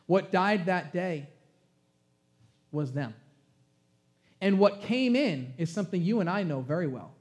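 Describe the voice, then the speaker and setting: A man's voice: sits high, animated, a little slow, long pauses, a little mellow. A man who is a pastor, preaching a sermon in an emphatic, conversational way and asking the congregation questions.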